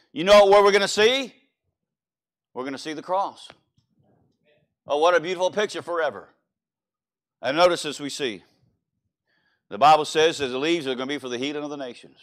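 A man with a Louisiana accent preaching a sermon in a church, animated and quizzing the congregation with questions. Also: fairly high pitch.

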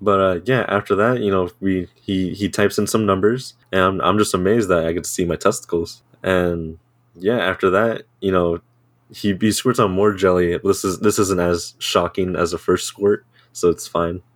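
A man's voice: sits low, steady tone, normal speed, no echo. A young man telling a crude, funny story in casual chat, often breaking into laughter.

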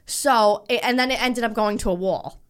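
A woman's voice: a little high, normal speed, smooth. A woman co-hosting a podcast, chatting casually and telling a rambling story full of swearing and restarts. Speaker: podcast co-host. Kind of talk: casual chat.

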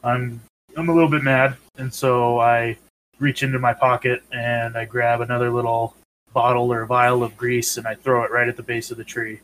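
A man's voice: mid-range voice, level tone, moderate pace, a bit bright, a little hiss or hum, rough recording. A man playing a tabletop game over a voice call, matter-of-fact. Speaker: player.

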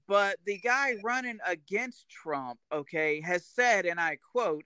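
A man's voice: sits high, a little slow, bright, forceful tone, clean tone, no room sound. A man co-hosting a podcast, making his points in emphatic, insistent casual chat. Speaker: podcast co-host.

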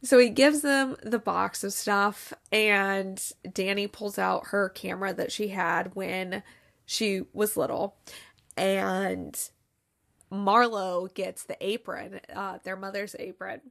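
A woman retells a movie plot in a loose, chatty way, slipping into the characters' lines. She sounds close to tears. Her mid-range voice has a slightly gravelly edge. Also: mid-range voice, steady tone, slow pace, a bit bright. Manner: chatty retelling, acts out quotes, fillers like "like". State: tearful, near crying. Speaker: podcast host reviewing movies. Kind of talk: casual movie recap.

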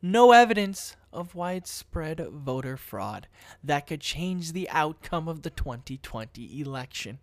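A young man with a high-pitched voice gives casual political commentary. He is blunt and mocking and swears freely, breaking off from the news he reads to jeer at it. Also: sing-song, a little slow.

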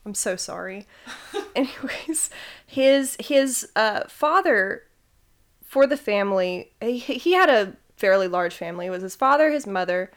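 A young woman hosting a podcast, telling a story casually, giggling and stumbling over names. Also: mid-range voice. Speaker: podcast host.

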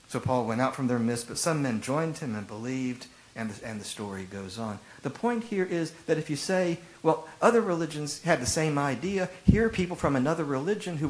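A man preaching a sermon as a pastor, retelling stories with lively emphasis and acted-out quotes. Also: fairly high pitch, poor audio. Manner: animated storytelling, acting out rhetorical quotes.

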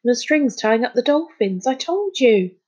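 A woman reading a storybook, voicing a bold, impatient young boy in a husky voice. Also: fairly high pitch, lively intonation, moderate pace, a little mellow, muffled recording, voice pushed up. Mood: urgent. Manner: urgent, insistent.

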